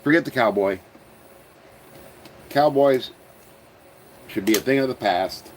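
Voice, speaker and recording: A man's voice: medium pitch, takes it slowly, a little hiss or hum, low-quality recording. A man with an Ontario Canadian accent, hosting a casual livestream. He rambles, chuckles at himself and trails off into mumbles while answering viewers. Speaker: host of a toy-building channel.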